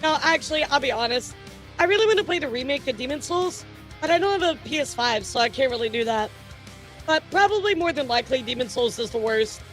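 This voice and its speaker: A woman hosts a casual live stream with a high, bright-pitched voice that keeps jumping up in excitement. She laughs often, swears freely and chats straight to her viewers, with faint music playing behind her. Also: fast talker. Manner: giggly, animated, swears casually. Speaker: VTuber news streamer.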